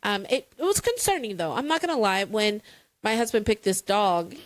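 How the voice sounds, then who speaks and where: A woman's voice: mid-range voice, sing-song, moderate pace, dry recording, poor audio. A woman co-hosting a casual chat, telling a story dramatically with playful exasperation. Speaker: podcast co-host.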